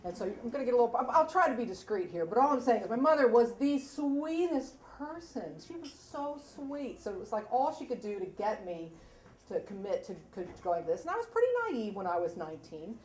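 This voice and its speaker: A woman's voice: a little high, sing-song, a little fast, darkish tone. A woman in her forties from Delaware, telling a funny personal story at a live story slam, chatty and self-mocking, laughing as she goes. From Delaware, USA. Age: 40s. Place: stage before a live audience in a hall. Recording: echoey hall, audience noise.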